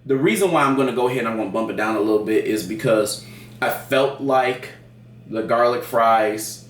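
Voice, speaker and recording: A man co-hosting a casual food review, talking in an animated, playfully dramatic way. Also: medium pitch, a little fast. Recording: roomy and distant with faint noise.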